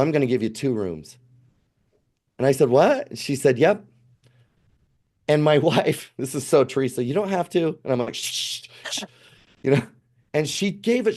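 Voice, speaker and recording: A man in his fifties, a podcast guest telling a family travel story in a casual, animated way, acting out what people said. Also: medium pitch. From United States. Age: 50s.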